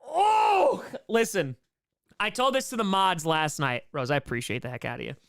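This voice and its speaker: A man hosting a casual livestream Q&A, excitable and playful, shouting out donors' names and making little sound effects to thank them. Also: on the high side, clean tone. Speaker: livestream host.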